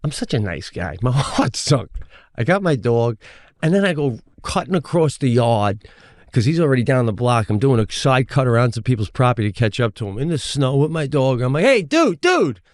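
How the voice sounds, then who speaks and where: Animated man telling a story, dry sound. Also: medium pitch, brisk, no echo. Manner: animated, profane, acts out the people in his stories. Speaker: podcast co-host. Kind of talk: casual storytelling.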